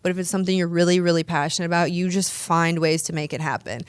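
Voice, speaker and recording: Smooth low-voiced woman, chatty guest. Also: fairly even intonation, fast talker, dry recording. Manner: chatty, restarts often, upbeat storytelling. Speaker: pro wrestler and dentist guest. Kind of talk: casual interview answers.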